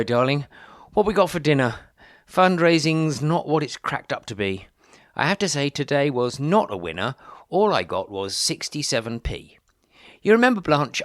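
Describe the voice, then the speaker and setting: A man's voice: mid-range voice, a bit bright, dry recording, studio quality. A man playing a harried older vicar going door to door for money, in a theatrical, wry comic verse monologue. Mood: weary. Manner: theatrical, exclamatory, wry and sarcastic.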